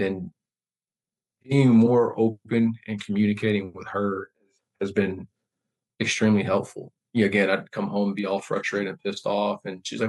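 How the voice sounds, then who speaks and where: Guest: veteran man, low flat voice, thoughtful and halting, candid interview talk. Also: rough recording. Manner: reflective, measured, with many fillers and restarts. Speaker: podcast guest, Marine veteran.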